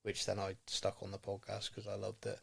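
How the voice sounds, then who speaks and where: A man's voice: lowish voice, monotone, fairly quick, gravelly, slightly rough. A man co-hosting a podcast, chatting in a casual, rambling and enthusiastic way. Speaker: podcast co-host. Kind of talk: casual chat.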